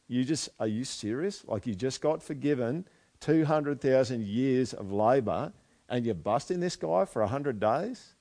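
A man's voice: mid-range voice, lively intonation, a little slow. Chatty preacher man. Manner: chatty, asks the listeners questions, drops to quiet asides. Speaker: pastor. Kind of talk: conversational sermon.

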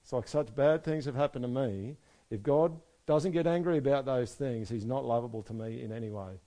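A man preaching a sermon, moving between soft, quiet stretches and loud, emphatic passages. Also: mid-range voice, brisk. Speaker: pastor.

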